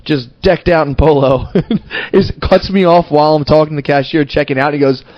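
A man's voice: a little high, fairly even intonation, moderate pace, no room sound, muffled recording. A man co-hosting a podcast, telling rambling, profanity-laced stories in casual chat. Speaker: podcast co-host.

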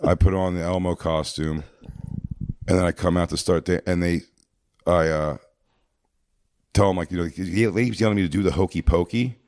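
A deep-voiced man spins a rambling, profane story in a loose conversation, stumbling through fillers and restarts. The sound is dry and close, with no room around it. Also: steady tone, brisk, pauses often, darkish tone, no room sound. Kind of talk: casual storytelling chat.

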